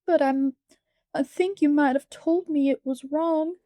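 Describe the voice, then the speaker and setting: A woman's voice: fairly high pitch, moderate pace, warm tone, no echo, lightly acted. A woman voicing an impish six-year-old boy in a storybook reading, pleading and sobbing in childish slang.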